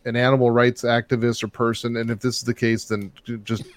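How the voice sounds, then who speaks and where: A man telling a long story in casual chat, rambling and getting loud and animated as it builds. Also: mid-range voice, brisk, no echo. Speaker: podcast host telling a story.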